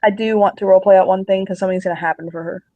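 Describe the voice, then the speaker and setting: A woman playing a tabletop role-playing game, chatting in an animated, giggly and profane way. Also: mid-range voice, rapid-fire, no room sound, phone-quality sound. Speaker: player. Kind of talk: casual tabletop game chat.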